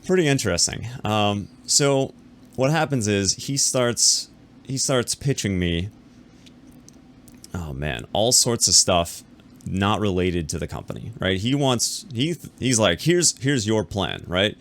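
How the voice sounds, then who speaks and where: A man with a deep voice tells a business story straight to his viewers in a loose, casual way. He talks quickly, with lots of repeats and restarts, and he acts out the other people he is talking about. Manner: animated retelling, acting out the other people in the story; fast and conversational, with repeats and restarts. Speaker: YouTuber telling a business story.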